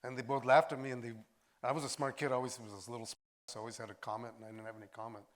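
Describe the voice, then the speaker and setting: An older actor and filmmaker, a man, telling stories in a lively way at a post-screening discussion, acting out voices as he goes. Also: mid-range voice, very fast. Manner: animated storyteller, acts out voices. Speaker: actor and filmmaker, interview guest.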